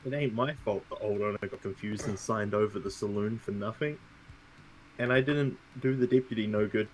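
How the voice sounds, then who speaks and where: Dude doing a smug saloon owner, low-ish voice, old west drawl, faint hiss behind. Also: male voice, normal speed, lightly acted, rough recording. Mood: defensive. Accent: put-on Old West drawl. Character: shifty male saloon owner, slick con man. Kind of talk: murder mystery role-play over voice chat.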